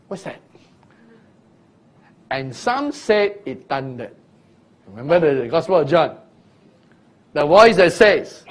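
A man teaching a Bible sermon in an unhurried, deliberate way, pausing to quiz his listeners and breaking into sudden loud sound illustrations. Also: high voice. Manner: asks listeners questions directly. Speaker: preacher.

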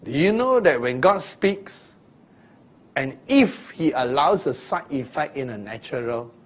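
A man teaching a Bible sermon in an unhurried, deliberate way, pausing to quiz his listeners and breaking into sudden loud sound illustrations. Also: medium pitch, animated. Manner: asks listeners questions directly. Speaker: preacher.

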